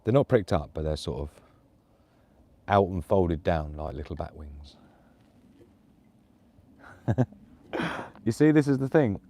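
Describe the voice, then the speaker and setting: A man's voice: low voice, animated, slow, pauses often, warm tone. Casual man chatting in the woods. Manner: chatty, laughs often, coos at his dog. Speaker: prepper vlogger. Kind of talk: casual live-stream chat. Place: night woods outdoors.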